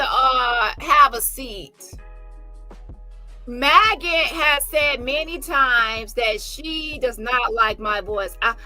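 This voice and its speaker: A woman's voice: fairly high pitch, pushed and bright. A woman hosting a commentary channel, reacting to a clip in a blunt, mocking way and laughing often. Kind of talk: reaction commentary on a live stream.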